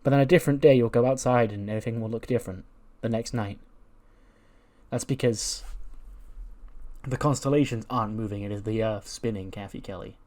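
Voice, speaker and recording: A man voicing a calm, philosophical female wrestler who rambles while she muses, in his own natural voice. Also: mid-range voice, lightly acted. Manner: rambling, musing.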